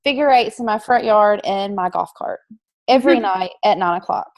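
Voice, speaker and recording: A woman's voice: medium pitch, moderate pace, a little mellow, no room sound. A woman in her thirties with a Southern Alabama accent, chatting casually with frequent ums as she introduces herself to a class over a video call. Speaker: online student introducing herself.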